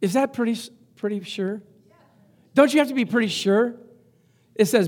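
High-voiced, animated man preaching. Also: normal speed. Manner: animated, chuckling, reads scripture aloud. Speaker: pastor. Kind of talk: sermon.

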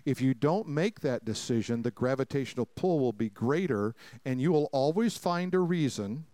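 A pastor preaching a sermon to a congregation, telling stories with jokes and acted-out voices, swinging between loud preaching and quiet asides. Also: male voice, mid-range voice, lively intonation, moderate pace, no room sound. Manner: folksy, jokey storytelling with acted-out quotes. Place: church sanctuary before a congregation.

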